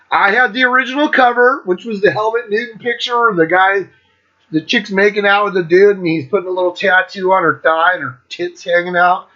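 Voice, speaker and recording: An excitable man in his fifties talks about music with constant swearing and bursts of off-key singing. His voice sits high and swings wildly in pitch, with a bright, sharp edge. The recording is a little dull and lo-fi. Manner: profane, excitable, breaks into singing. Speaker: host. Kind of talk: casual monologue ranking albums.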